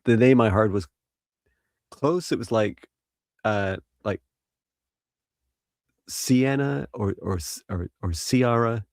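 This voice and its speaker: A man's voice: lowish voice, takes it slowly, pauses often, darkish tone, no room sound, clean studio sound. A man giving psychic readings on a live stream, talking hesitantly with many fillers and restarts. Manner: laughs lightly at his own slips. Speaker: psychic reader and co-host.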